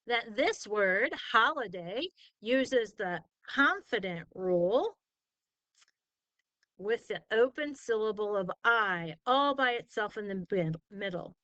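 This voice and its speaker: With a high-leaning, bright, forceful voice, a spelling teacher slowly and patiently works with a student, sounding out words by syllable and praising responses. The recording has no room sound and the highs are cut off.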